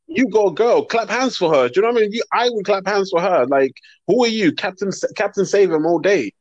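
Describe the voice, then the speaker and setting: A man's voice: high voice, animated, fairly quick, no room sound, dull audio. A young man, talking emphatically in slangy casual chat as a podcast co-host.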